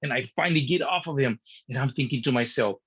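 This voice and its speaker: Animated man telling a story, husky. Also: medium pitch, fast talker. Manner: animated, swearing, acting out his younger self. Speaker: guest. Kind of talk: personal storytelling. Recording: dull lo-fi sound.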